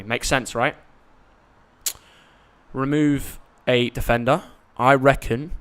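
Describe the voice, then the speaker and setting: A man's voice: medium pitch, clean tone. A young man, hosting a casual live stream and chatting in a rambling, jokey way. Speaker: YouTube host.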